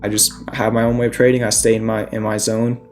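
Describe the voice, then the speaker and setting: A man's voice: fairly low pitch, level tone, fast talker, faint music behind. A young man hosting a casual stock trading livestream, a little out of breath, talking through trade ideas and answering chat questions.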